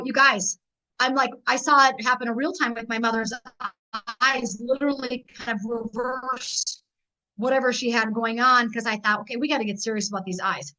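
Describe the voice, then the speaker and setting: A middle-aged woman giving an energetic, rallying business training talk as a network marketing team leader, telling stories quickly. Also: sits high. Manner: energetic, rallying, rapid storytelling. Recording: dull lo-fi recording.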